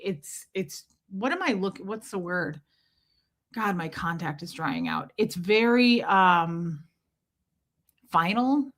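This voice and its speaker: Woman, livestream host, casual chat, bright voice, rambling, greets viewers. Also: medium pitch. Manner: chatty and rambling, with frequent restarts and asides to viewers.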